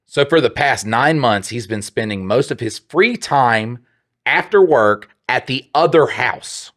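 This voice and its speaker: A man's voice: mid-range voice, expressive, unhurried, fairly bright tone. A man co-hosting a podcast in casual chat, blunt and profane, joking around. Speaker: podcast co-host.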